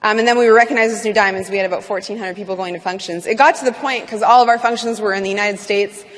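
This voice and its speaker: A woman from Canada giving a talk to an audience, animated and full of fillers. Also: mid-range voice, racing. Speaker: business speaker. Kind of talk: speech to an audience. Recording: long hall reverb.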